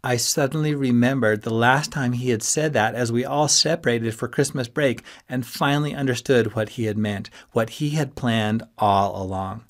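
A man reading his own novel as an audiobook, in a measured, even storytelling voice. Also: mid-range voice. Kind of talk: audiobook narration.

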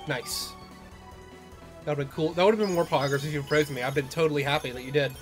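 A man's voice: on the high side, brisk. A young man casually rambling through let's-play commentary, self-deprecating and swearing often. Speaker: gamer. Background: game music.

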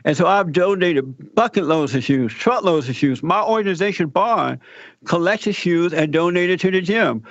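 A man telling a personal story in an interview, animated and acting out the people he quotes. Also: high-pitched, normal speed, no room sound, dull audio. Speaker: guest telling his story.

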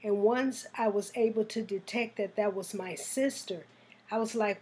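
A woman, a Christian exhorter, telling a personal testimony in a soft-spoken, reflective and earnest way. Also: mid-range voice, moderate pace, breathy edge.

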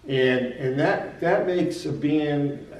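Talking slowly in a voice on the high side, a saxophonist who teaches gives a casual lesson on jazz articulation, repeating words often along the way. The audio is roomy, recorded at a distance from the mic.

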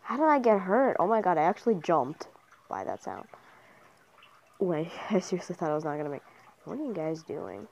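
A woman's voice: on the low side, very animated, fairly quick, vocal fry, long pauses, darkish tone, muffled recording. A young woman commentating her mobile game casually, cheering and trash-talking other players. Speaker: gamer commentator.

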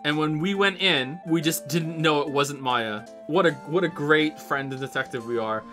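A male streamer commenting on a video game as he plays. He talks casually and excitably, quick to swear and crack sarcastic jokes, with faint game music behind him. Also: a little high. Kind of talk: casual let's-play commentary.

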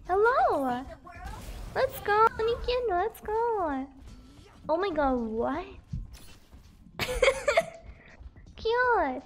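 A woman with a very high, lively voice chats casually and slowly with her live-stream viewers, giggling often. She pokes fun at herself and sounds a little worn from talking. Faint music plays behind her. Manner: giggly, self-deprecating, laughs often. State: losing her voice.

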